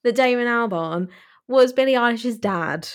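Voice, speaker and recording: A woman's voice: a little high, expressive, moderate pace, clean tone. A young woman, co-hosting a casual chat, telling stories animatedly and giving blunt opinions. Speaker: podcast co-host.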